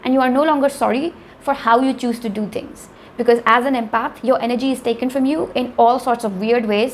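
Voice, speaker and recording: A young woman from India giving a casual tarot reading, chatty and animated, often laughing and talking straight to her viewers. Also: a little high, gravelly, a little hiss or hum. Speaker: tarot reader.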